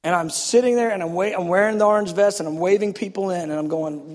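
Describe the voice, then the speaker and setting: A man preaching a sermon, telling a personal story in an animated, self-deprecating way. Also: sits high, fast talker. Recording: echoey hall reverb.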